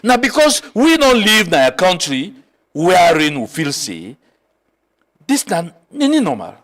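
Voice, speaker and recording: A middle-aged man from Sierra Leone with a Krio accent, a political guest telling a story in an animated way, mixing Krio and English. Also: high voice, unhurried. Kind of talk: political talk show discussion.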